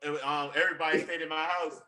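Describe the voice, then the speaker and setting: A man with an American accent, a podcast co-host who tells animated stories and laughs as he talks. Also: a little high, fast. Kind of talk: casual storytelling chat.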